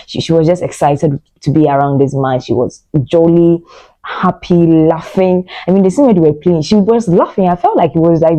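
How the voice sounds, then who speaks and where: Lady rambling thru a movie review, warm mellow voice, lots of um and you know. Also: sits low, no echo, low-quality recording. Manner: emotional, rambling, many fillers, retells scenes. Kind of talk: casual spoken movie review.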